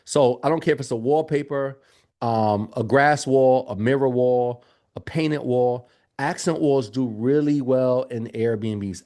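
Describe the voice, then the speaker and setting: A man coaching viewers in casual livestream talk, animated and calling to the chat. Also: medium pitch. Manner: animated, talks straight to the chat with lots of y'all. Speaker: Airbnb business coach. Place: home office.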